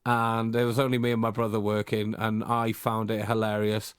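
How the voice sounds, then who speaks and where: A man's voice: lowish voice, monotone, moderate pace, clean tone, no room sound, studio quality. Man telling a rambling anecdote. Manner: rambling storytelling with fillers. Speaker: podcast co-host. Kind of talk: casual chat, anecdote.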